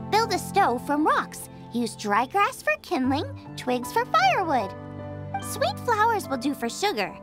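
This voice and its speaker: A woman's voice: very high voice, heavily acted. A woman playing a cheerful, food-obsessed young female chef in a video game, bubbly and eager. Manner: bubbly, enthusiastic, rapid excited outbursts.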